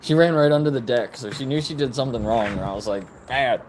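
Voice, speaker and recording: A man filming on his phone outdoors in a yard, talking to rescue dogs. He swears casually and often slips into high, sing-song baby talk. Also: quick pace, a little mellow, a little hiss or hum. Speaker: vlogger at a dog rescue. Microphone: phone camera held in hand.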